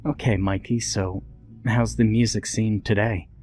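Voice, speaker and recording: A man voicing a playful, lively young woman who teases and speaks earnestly in a storybook tale. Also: on the low side, measured pace, faint music behind, natural voice. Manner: bubbly, teasing, earnest.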